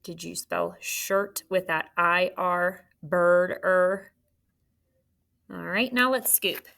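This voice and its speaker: A woman's voice: lowish voice, fairly even intonation, slow, vocal fry, fairly bright tone. A woman teaching a phonics lesson to young children, patient and encouraging as she sounds out letters and syllables. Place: classroom.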